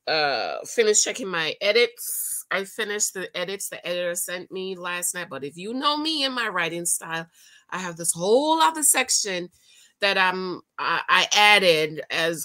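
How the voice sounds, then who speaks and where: A chatty woman vlogger talks casually and directly to her audience, like she is catching up with friends. Her voice is bright and forward. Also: lowish voice, lively intonation, a little slow. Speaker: vlogger and author. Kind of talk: casual chat.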